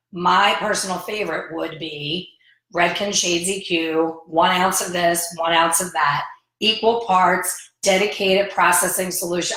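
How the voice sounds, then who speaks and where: Chatty low-voiced woman in her fifties. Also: reverberant, poor audio. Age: 50s. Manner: chatty, animated storytelling with quoted dialogue. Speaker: hair color educator. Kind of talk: casual vlog chat.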